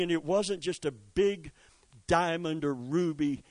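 A man preaching a sermon, swinging from quiet storytelling to loud rising exhortation with asides to the congregation. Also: fairly high pitch, unhurried, no echo. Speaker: pastor.

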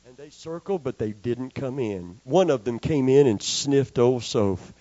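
A man's voice: mid-range voice, animated, a little slow, dark tone, no room sound. An older male preacher telling a homespun story in his sermon and calling for amens from the congregation. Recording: slightly dull, dry recording.

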